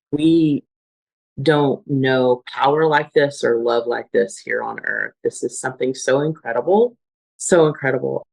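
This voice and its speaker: Gravelly-voiced woman recounting a near-death experience. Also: rumbling low, poor audio. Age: adult with children. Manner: earnest, searching, restarts and fillers while recalling. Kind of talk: emotional personal testimony.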